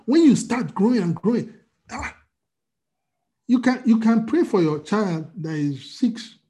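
A man's voice: sits high, darkish tone. A man preaching a sermon as pastor, asking the congregation rhetorical questions.

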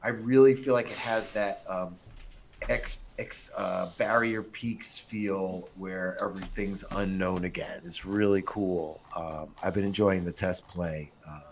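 A man's voice: sits low, fairly even intonation, unhurried, slight background noise. A man co-hosting a casual podcast about tabletop games, talking in an easygoing way. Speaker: podcast co-host, game master. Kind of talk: casual chat.

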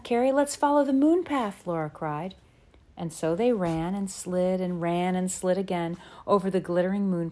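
A woman narrating a children's storybook in a slow, gentle, measured way. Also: lowish voice. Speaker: audiobook narrator.

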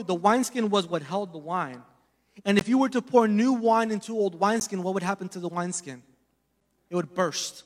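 Male pastor, very high voice, storytelling sermon with loud peaks and quiet asides, long hall reverb. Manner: storytelling preacher, swings from loud emphasis to hushed asides.

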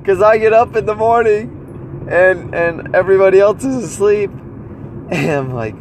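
A man's voice: sits high, moderate pace, background noise. A young man vlogging outdoors, telling his viewers a story, acting out his own reactions and rambling with restarts.

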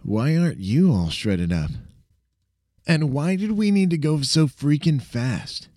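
Man doing a higher, mocking young roommate voice, sarcastic and playful, story reading. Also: sing-song, unhurried, warm tone, no echo, clean studio sound. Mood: teasing. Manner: teasing, mocking drawl.

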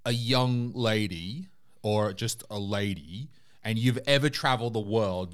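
A young Australian man with an Australian accent co-hosts a podcast, chatting casually, joking, and swearing freely. His voice is lowish and he speaks a little slowly.

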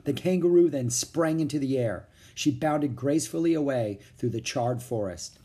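An audiobook narrator reading a children's book aloud in an expressive storytelling way. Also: medium pitch, moderate pace, hardly any pauses, breathy edge.

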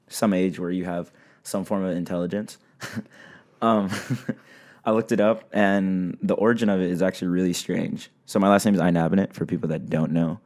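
A man's voice: sits low, darkish tone. A young man co-hosting a casual podcast, rambling with lots of fillers and laughing often. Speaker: podcast co-host.

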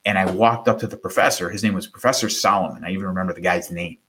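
Middle-aged man guest, lowish voice; animated storyteller who acts out quotes. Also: fast talker. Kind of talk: conversational storytelling.

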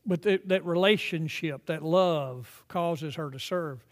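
Preaching from a church sanctuary, a high-voiced older male pastor gives his sermon with emphatic swells. Loud peaks give way to quiet, elongated phrases.

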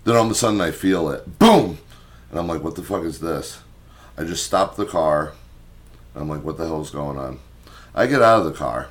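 A young man co-hosting a podcast, telling a story in casual, profane chat and loudly acting out what he said back then. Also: very deep voice, normal speed. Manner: animated, swearing, acts out his own past lines loudly. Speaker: podcast co-host.

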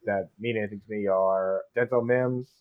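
A man's voice: fairly low pitch, steady tone, normal speed, narrow, tinny audio. A man with a Boston accent hosting a casual podcast chat, rambling in a laid-back way and often saying "dude". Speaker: podcast host.

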